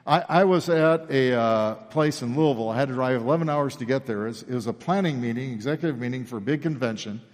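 A pastor talks at a quick pace with hardly any pauses, his voice mid-range. He tells sermon stories from his past, animatedly acting out the people in them, while the large church sanctuary gives long reverb.

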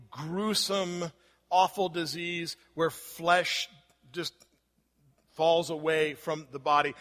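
A man's voice: high-pitched, bright, forceful tone. A man preaching a sermon as a pastor in a conversational way, often checking in with rhetorical questions. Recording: long hall reverb.

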